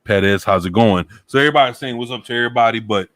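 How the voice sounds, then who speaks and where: A man's voice: medium pitch, racing, fairly bright tone, no room sound, clean studio sound. A man co-hosting a podcast, casually reading out viewer chat comments and laughing along.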